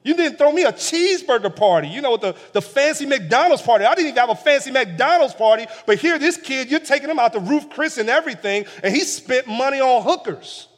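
A man voicing a resentful older brother who shouts indignant complaints. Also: extremely high pitch, animated, fairly quick, few pauses, voice pushed up. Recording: long hall reverb.

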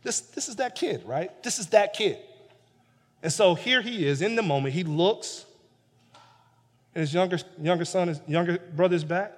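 A man's voice: sits high, normal speed, pauses often. A man preaching a sermon as pastor, talking conversationally with lots of repetition and building to emphatic points. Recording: long hall reverb.

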